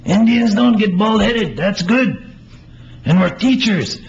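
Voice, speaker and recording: An author reading his own play aloud, voicing an excited grown man who boasts and lectures a friend. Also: sits high, slow, voice pushed up, heavily acted. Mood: lecturing. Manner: eager, insistent, lecturing a friend. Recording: slightly muffled with faint hiss.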